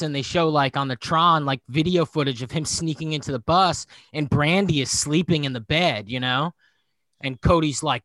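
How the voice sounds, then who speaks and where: Higher-voiced, crude comic storyteller. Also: male voice, moderate pace, fairly bright tone, dry recording. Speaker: podcast co-host. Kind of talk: casual comedy podcast chat.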